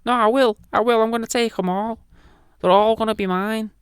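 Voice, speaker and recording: A swaggering Jesus with a thick Scouse accent, put on by a man, lifted well above a normal speaking pitch. He is cocky and taunting, tossing out boasts in a comic radio-sketch manner. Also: fairly even intonation, brisk, smooth, no room sound, studio quality, lightly acted.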